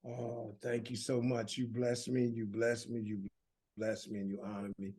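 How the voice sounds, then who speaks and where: A slightly rough, somewhat mellow mid-range voice with a level tone comes from a middle-aged Southern American man. He's a guest on an interview show, telling his story earnestly at a moderate pace with many restarts.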